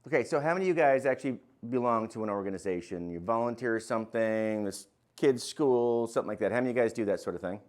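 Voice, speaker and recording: Energetic older man teaching a class. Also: medium pitch, quick pace. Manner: energetic, asks the class questions. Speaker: real estate instructor. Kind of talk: interactive classroom lecture.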